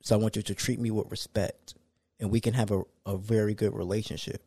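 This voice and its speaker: Dude talking solo on his podcast, kinda low voice, chill but gets worked up. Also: fairly quick, no echo. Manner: casual, conversational, animated when ranting. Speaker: podcast host.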